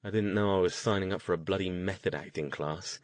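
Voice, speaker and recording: A man's voice: low voice, brisk, dry recording, close to an everyday voice. A man voicing a sardonic, weary British mage with a British accent. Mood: wry. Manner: dry, sardonic.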